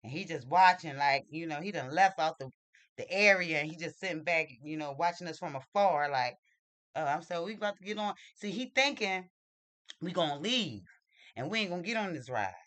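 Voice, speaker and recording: An animated vlogger spinning a casual story, full of slang and quick restarts. The voice sounds bright and forceful, and the pitch sits in the middle. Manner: animated, slangy, repeats and restarts, laughs while telling.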